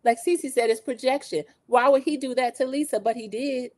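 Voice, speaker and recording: A woman whose voice sits on the high side hosts a casual opinion recap at a moderate pace, with no room sound. She's middle-aged, chatty, and opinionated as she addresses her viewers, and she's lived in the American South over twenty years.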